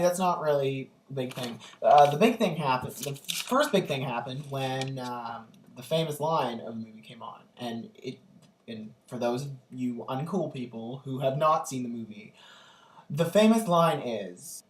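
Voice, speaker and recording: A man's voice: medium pitch, moderate pace. A young man recounts his day in an eager, gushing way, piling on fillers as he goes. His voice sounds roomy and echoing. He seems to be sitting some way back from the camera mic. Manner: gushing, animated storytelling with many fillers. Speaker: vlogger. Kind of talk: casual storytelling vlog. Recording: echoey room, distant from the mic.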